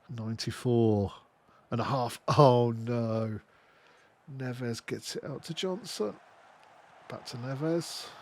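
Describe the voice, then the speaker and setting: A young man giving casual, expressive let's-play commentary on a football management game, swearing freely. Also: medium pitch, slight background noise. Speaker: gaming YouTuber.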